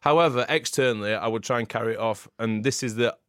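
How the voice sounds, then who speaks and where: A man co-hosting a podcast, telling animated stories with frequent laughter in casual chat. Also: medium pitch, quick pace, clear, resonant tone, no room sound, clean studio sound. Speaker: podcast co-host.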